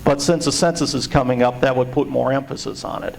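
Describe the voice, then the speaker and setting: A man's voice: mid-range voice, fairly even intonation, brisk, vocal fry, slight background noise, rough recording. A man giving a sarcastic, indignant presentation to a party meeting. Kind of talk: informal speech to a meeting.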